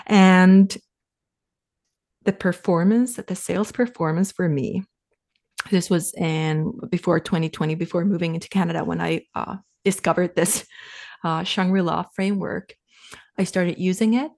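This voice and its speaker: Reflective woman from Finland, lowish voice. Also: measured pace, vocal fry. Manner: reflective, animated when quoting herself. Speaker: podcast guest, sales coach. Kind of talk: casual interview talk.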